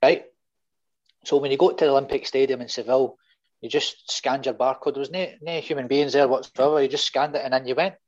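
A middle-aged Scottish man telling animated fan stories in a casual chat, acting out the quotes and swearing freely. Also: mid-range voice, fairly quick, dull audio. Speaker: guest fan. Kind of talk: casual storytelling.

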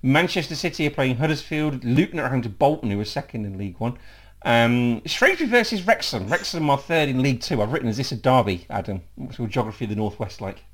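A man's voice: mid-range voice, animated, fast talker. An English man hosting a casual football podcast, laughing often and rambling with fillers. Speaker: podcast host.

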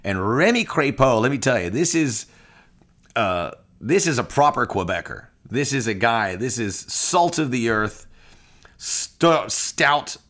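A man hosting a soccer podcast, telling a heartfelt personal story with animated quoted dialogue. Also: mid-range voice, measured pace. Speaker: podcast host.

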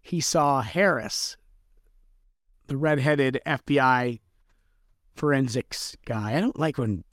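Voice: takes it slowly, long pauses, no room sound, studio quality. A podcast co-host recapping a book in a playful, jokey way. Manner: playful, jokey, swoops in pitch. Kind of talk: casual book podcast chat.

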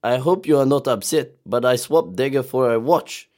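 A man putting on a slow deadpan Russian strongman. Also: mid-range voice, lightly acted. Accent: mock Russian. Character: gruff Russian strongman leader telling a dark joke.

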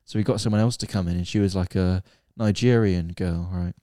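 Fast-talking young man. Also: low voice, no echo, studio quality. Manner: animated storytelling, candid and swearing. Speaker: podcast co-host, son. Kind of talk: casual chat.

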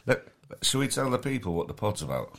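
A man with a Manchester accent and a very deep, low voice chats casually on a podcast. He sounds tired and rambles, restarting his sentences often. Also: sing-song, brisk, gravelly, fairly bright tone. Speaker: podcast co-host, comedy promoter. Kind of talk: casual chat.

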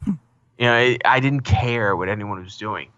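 A married man co-hosting a casual podcast, telling profane, animated stories and acting out what people said. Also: mid-range voice, moderate pace, clean tone, dry recording, highs cut off. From American Southwest. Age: adult, married. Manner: profane, animated storytelling with acted-out quotes. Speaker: podcast co-host.

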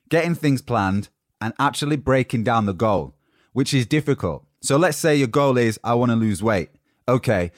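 His voice is on the low side, captured in a dry, studio-quality recording. He's a young British podcast host rambling conversationally through a solo motivational episode from his home.

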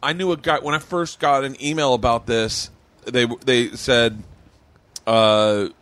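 A man's voice: mid-range voice, steady tone, dry recording. An American man, a comedian guest on a podcast, talking in loose, profane, rambling casual chat. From United States. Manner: loud, profane, rambling, quick to laugh.

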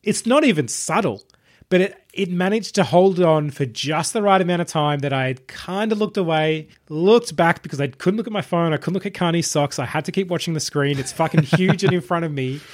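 A man's voice: on the high side, brisk. A man co-hosting a film podcast, chatting casually and animatedly, swearing freely. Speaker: podcast co-host. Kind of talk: casual chat reviewing a film.

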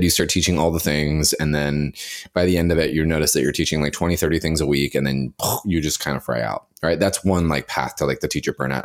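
Deep-voiced yoga teacher guy w a cold, nasal, chatty and open on a podcast. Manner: chatty, open, says like a lot. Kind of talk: casual chat.

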